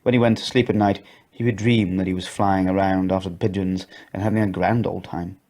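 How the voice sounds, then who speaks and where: A man narrating a children's story in an expressive storybook reading voice. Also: deep voice, fairly quick.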